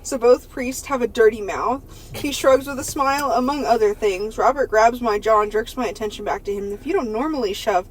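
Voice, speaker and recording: A woman's voice: a little high, slight background noise, low-quality recording. Giggly woman reading a racy novel aloud. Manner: reads aloud, stumbles and breaks into laughter. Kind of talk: comedic reading of an erotic novel.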